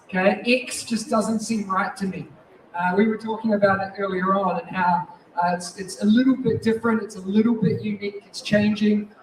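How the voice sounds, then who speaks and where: A man in his forties with a New Zealand accent and a notably high voice gives a restless, energetic keynote to a conference audience. He sounds distant from the mic, and the large hall rings with echo behind him. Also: moderate pace. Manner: lively, restless, moves around while talking. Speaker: keynote speaker. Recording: echoey hall, distant mic, faint noise.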